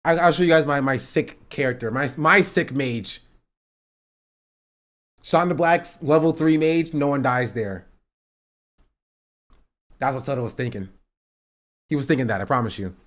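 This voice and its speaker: A male streamer reacting live to gaming drama, excitable, laughing and self-mocking. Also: medium pitch, unhurried, pauses often.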